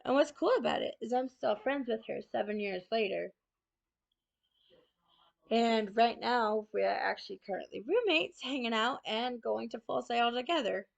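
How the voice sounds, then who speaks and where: A woman's voice: a little high, normal speed, gravelly, highs cut off. A young woman telling a personal story in a chatty, casual way, often saying "I'm like". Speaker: student.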